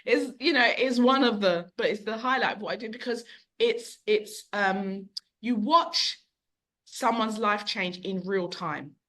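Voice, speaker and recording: Bookshop owner lady on a podcast, bright clear voice, rambles into long lively stories. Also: medium pitch, a little slow. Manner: animated, long-winded storyteller who acts out quotes. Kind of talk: conversational storytelling.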